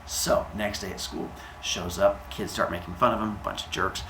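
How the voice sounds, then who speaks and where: A man casually retelling a myth for a podcast, animated and jokey. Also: fairly low pitch, normal speed, vocal fry, roomy sound, noisy background. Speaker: storyteller and podcast host.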